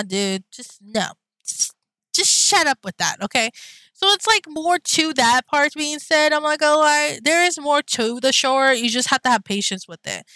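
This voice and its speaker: A young woman chats casually to her viewers, looping through fillers and asides. Her voice sits a little high and sounds bright and forward. The sound is dry and close, with blunt, profane outbursts when she gets worked up. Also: no room sound. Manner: rambling, chatty, full of fillers and asides to viewers. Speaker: vlogger. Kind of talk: casual anime chat.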